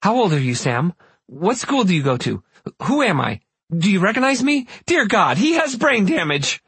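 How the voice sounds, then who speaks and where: A man's voice: medium pitch, husky, no echo. A man doing a fussing, anxious mother. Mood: frantic. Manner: calm, then frantic and rapid. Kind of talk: audiobook character voice.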